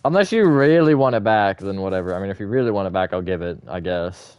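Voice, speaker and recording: A man's voice: sits low, animated, quick pace, a little mellow, clean tone, dry recording, muffled recording. A man hosting a live stream, chatting casually with viewers in a rambling, self-correcting way and laughing often.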